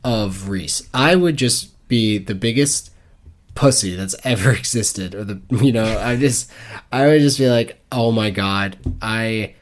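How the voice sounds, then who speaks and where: A man's voice: medium pitch, measured pace. A young man co-hosting a book podcast, chatting casually and rambling with lots of filler words. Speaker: podcast co-host. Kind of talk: casual book-club chat.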